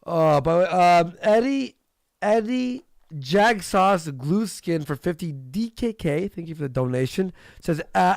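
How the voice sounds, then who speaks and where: A man's voice: high-pitched, expressive, a little slow, creaky, no echo, studio quality. A man hosting a livestream in a crude, joking way with frequent laughter. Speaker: livestream host. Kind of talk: casual livestream commentary.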